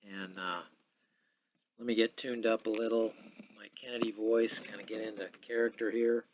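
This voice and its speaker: A man in his sixties hosting a podcast in a casual, rambling monologue full of filler pauses. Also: on the low side, flat delivery, noisy background. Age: 60s. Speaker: podcast host.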